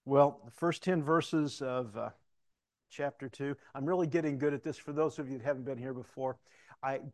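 Folksy male preacher telling a story. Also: medium pitch. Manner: folksy, conversational storyteller who drops into a hushed, slow prayer voice. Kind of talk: sermon with storytelling and prayer.

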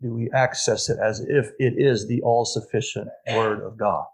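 A pastor preaching a sermon, emphatic, slowing down to stress key phrases. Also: male voice, on the low side, fairly even intonation, breathy edge.

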